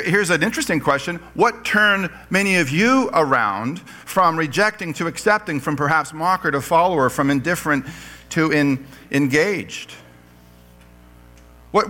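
A man's voice: on the high side, bright, forceful tone. A man preaching a sermon in church, reading scripture aloud and joking with his congregation. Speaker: pastor.

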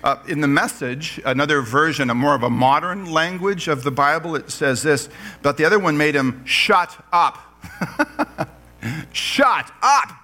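Joking pastor with a bright voice. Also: male voice, fairly high pitch, moderate pace. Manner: animated, joking, reads scripture aloud. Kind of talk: sermon.

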